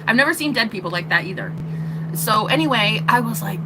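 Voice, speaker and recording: Animated, profane young woman telling a story. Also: a little high, a little fast, heavy background noise. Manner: animated, profane, laughing often. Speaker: vlogger. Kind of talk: casual storytelling to camera.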